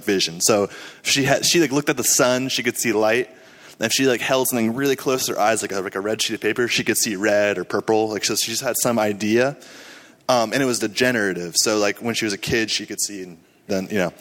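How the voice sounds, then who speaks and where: Chatty man telling a story in a hall. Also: fairly low pitch. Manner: animated storytelling with many fillers. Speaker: mission trip team member. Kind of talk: casual testimony to a church gathering.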